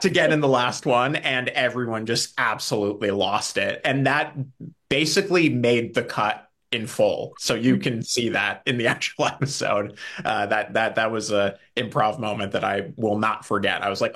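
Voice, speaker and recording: A man's voice: medium pitch, steady tone, normal speed, fairly bright tone. A man who acts on a comedy series, chatting in an interview in an upbeat way and laughing often. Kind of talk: casual interview chat.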